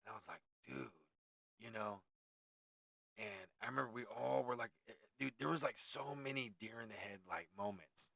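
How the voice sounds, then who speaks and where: A man's voice: medium pitch, moderate pace, creaky, a bit bright, dry recording. A man around forty from California, telling a haunted story in a rambling, profane, laid-back way, full of tangents and self-corrections. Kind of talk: casual storytelling.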